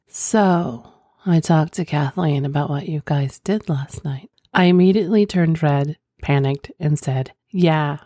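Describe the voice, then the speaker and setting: A woman narrating a scripted first-person story in a steady, measured read. Her voice sits low and has a dark, mellow tone. The recording is close and dry, with no room sound. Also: no room sound.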